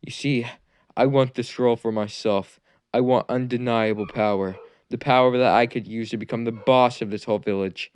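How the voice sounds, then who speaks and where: A man's voice: medium pitch, steady tone, normal speed, darkish tone, clear, resonant tone, dry recording, lightly acted. A man voicing a scheming, treacherous male ninja teacher who taunts and gloats, in a fan-made anime story. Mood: taunting.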